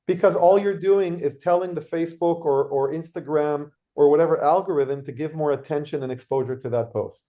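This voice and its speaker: A man leading a workshop, telling lively anecdotes and acting out quotes. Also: on the high side, brisk, hardly any pauses, dull audio. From Israel. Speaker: workshop leader. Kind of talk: workshop talk with storytelling.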